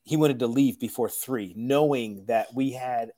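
Blunt, profane chef, dark voice. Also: male voice, mid-range voice, measured pace. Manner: blunt, profane, animated storytelling. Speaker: chef, podcast guest. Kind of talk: casual chat.

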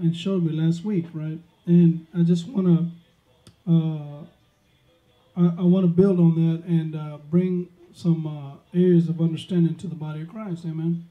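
A man preaching a sermon, emphatic and peppering his words with amens and praise. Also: on the high side. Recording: dull lo-fi sound.

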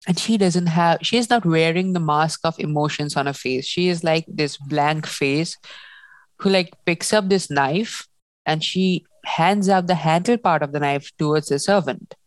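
A young woman in casual book chat, animated and laughing often as she acts out lines. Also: low voice, no room sound. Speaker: book discussion host.

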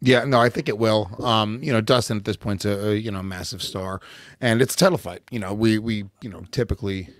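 A man's voice: on the low side, a little fast, no room sound, clean studio sound. A man co-hosting a podcast, agreeing easily and filling his talk with "you know.". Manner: agreeable, filler-heavy. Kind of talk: casual chat.

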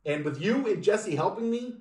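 A man hosts a casual podcast, his voice sitting a bit high and swinging up and down as he talks. He jokes around and swears freely. The sound carries a noticeable room echo. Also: normal speed. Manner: animated, swearing, jokey. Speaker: podcast host.

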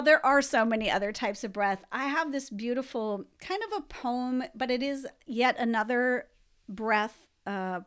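A woman teaching breathing exercises, guiding slowly and gently with light laughs. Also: medium pitch. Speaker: breathwork instructor. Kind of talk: guided breathing lesson.

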